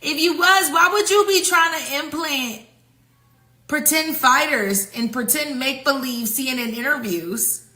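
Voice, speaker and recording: Woman commentator, sassy and rhetorical, bright tone, roomy sound. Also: high voice, unhurried. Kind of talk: casual commentary to viewers.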